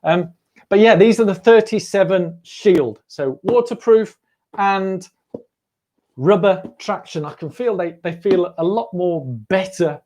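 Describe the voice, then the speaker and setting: A man's voice: sits high, unhurried, a little mellow. A middle-aged man hosting a casual livestream, chatty and jokey, talking straight to his viewers. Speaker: running channel host. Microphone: camera on a livestream.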